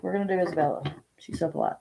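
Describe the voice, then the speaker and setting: A woman's voice: lowish voice, lively intonation, rapid-fire, vocal fry, mellow, a little hiss or hum. A woman reading tarot cards on a casual live stream, chatting with viewers by name and thinking aloud as she lays out the cards. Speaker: tarot reader.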